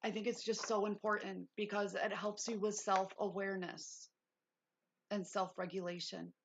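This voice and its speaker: A woman's voice: medium pitch, little pitch movement, moderate pace, slight background noise. A woman hosting a casual livestream lesson, reading notes aloud and breaking off into chatty asides. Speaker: livestream host.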